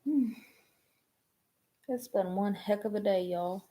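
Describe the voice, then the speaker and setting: A woman, chatting casually on a live stream, rambling and halting with many ums and restarts. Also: medium pitch, warm tone. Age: 20s.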